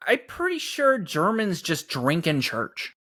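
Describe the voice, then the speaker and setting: Animated joking male podcast co-host. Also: high-pitched, a little slow. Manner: animated, jokey, puts on silly voices. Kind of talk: joking casual banter.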